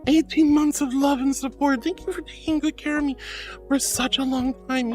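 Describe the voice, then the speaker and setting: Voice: sits high, fairly even intonation, moderate pace, faint music behind. A streamer in casual live-stream chat, thanking viewers and calling them sweetie and honey, laughing often.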